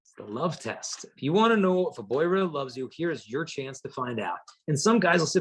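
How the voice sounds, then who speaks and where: Man, husky voice, fairly high pitch, humorous storytelling talk, acts out quotes, punchy delivery. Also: brisk. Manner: lively storyteller acting out quotes. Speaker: chastity speaker.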